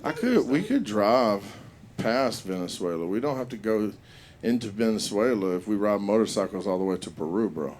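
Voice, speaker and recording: A man hosting an open mic, joking casually with loud, slangy banter between acts. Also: fairly low pitch, sing-song, normal speed. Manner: loud, slangy, laid-back.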